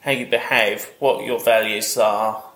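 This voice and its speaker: A man's voice: on the low side, fairly even intonation, unhurried, a bit bright, echoey room, poor audio. A man co-hosting a podcast, talking in a casual, earnest and jokey way. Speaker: podcast co-host. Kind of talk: casual conversational podcast chat.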